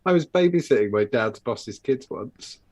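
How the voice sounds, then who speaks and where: A man's voice: mid-range voice, normal speed. A man co-hosting a live chat show, telling stories in a loose, swearing, joking way. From United Kingdom. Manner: animated storyteller, swears, breaks into laughs and put-on voices. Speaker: co-host. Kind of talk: casual banter on a live show.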